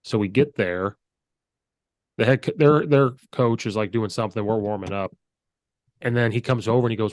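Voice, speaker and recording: Male host, slightly low voice, casual storyteller who acts out dialogue, dry close sound. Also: moderate pace, pauses often, a little mellow, no echo. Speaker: podcast host and high school coach. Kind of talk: casual chat.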